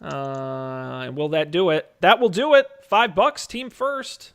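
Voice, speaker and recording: A man with a fairly high, fairly bright, smooth voice hosts a casual podcast. He runs a movie draft auction, calling out bids in quick auctioneer patter and joking throughout.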